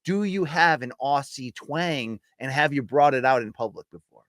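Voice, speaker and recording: A man's voice: mid-range voice, expressive, moderate pace, a bit bright, no echo, studio quality. A man hosting a podcast, asking joking, upbeat questions in a casual interview. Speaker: podcast host.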